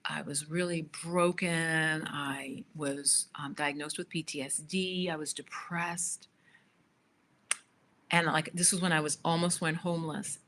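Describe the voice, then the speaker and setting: A woman's voice: low voice, fairly even intonation, a little slow, a bit bright, slight background noise. Woman host, casual storyteller, talks directly to her live-stream audience. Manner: chatty, addresses viewers directly with frequent asides. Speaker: spiritual manifestation coach hosting a live stream.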